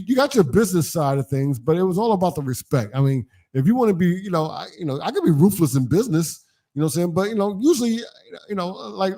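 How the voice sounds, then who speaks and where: A man's voice: sits high, a little mellow. A man hosting a podcast in casual chat, rambling with many fillers and repeated starts. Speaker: podcast host.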